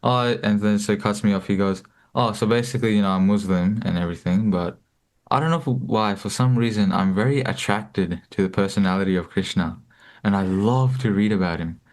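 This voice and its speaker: A man's voice: fairly low pitch, fairly quick, darkish tone. A young man in his late teens telling a personal story casually, with many fillers and restarts. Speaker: guest, book distributor.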